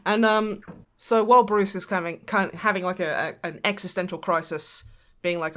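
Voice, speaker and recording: A podcast co-host in casual film talk, retelling scenes with lively put-on quotes. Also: medium pitch, moderate pace.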